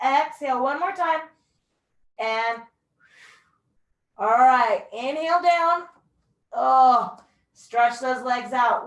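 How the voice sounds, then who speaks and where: A young woman teaches a mat pilates class, calling out breath counts and encouraging cues with an occasional whoop. Her voice is high and slow, with frequent pauses. She sounds distant in an echoey room.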